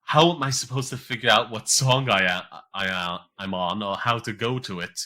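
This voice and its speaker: A man's voice: fairly low pitch, normal speed, bright, forceful tone. A young man co-hosting a casual podcast, rambling with many fillers. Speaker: podcast co-host.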